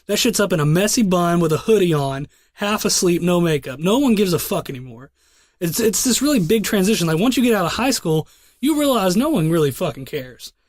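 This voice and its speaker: High-voiced young man telling rambling stories. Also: sing-song, brisk, dry recording, studio quality. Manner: profane, rambling, laid-back storytelling with many restarts. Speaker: podcast host. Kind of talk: casual podcast chat and storytelling.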